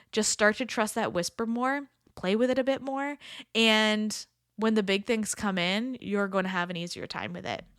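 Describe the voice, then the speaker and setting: A woman's voice: medium pitch, fairly bright tone, smooth, no echo, studio quality. A woman hosting a podcast, giving casual coaching advice in a chatty, upbeat way with lots of filler words. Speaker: podcast host.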